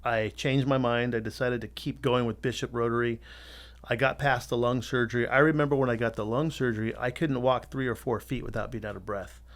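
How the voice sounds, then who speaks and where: A man's voice: mid-range voice, fairly quick. Candid, cursing middle-aged man. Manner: candid, swears freely, animated storyteller. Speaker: podcast guest, tattoo artist. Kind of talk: casual storytelling interview.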